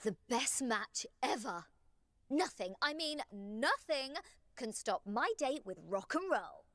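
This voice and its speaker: A bubbly young rock-loving girl gushes in a high, sing-song voice that leaps up and down. Her lines land with eager emphasis, like a lively character from an animated game trailer. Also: slow pace, no room sound, exaggerated voice. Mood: gushing. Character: excitable young woman who loves rock music.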